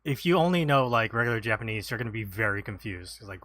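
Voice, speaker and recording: A man's voice: fairly low pitch, fast, hardly any pauses, bright, forceful tone. A man chatting casually on a podcast in a loose, self-deprecating way. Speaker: podcast host. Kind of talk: casual chat.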